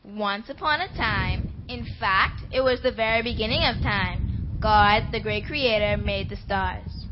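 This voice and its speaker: A woman narrating a church Christmas play in an expressive storybook style. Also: medium pitch, a little slow, muffled recording, a little hiss or hum.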